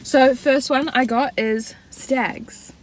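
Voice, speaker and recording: A woman's voice: high-pitched, steady tone, takes it slowly, a little hiss or hum. Chatty young New Zealand woman. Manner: chatty, lots of "like" fillers. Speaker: book vlogger. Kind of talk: casual chat.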